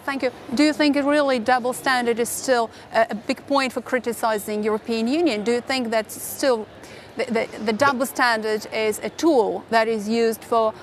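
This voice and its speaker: A woman's voice: on the high side, fairly even intonation, normal speed, slight background noise. A woman moderating a round table, asking questions politely in non-native English.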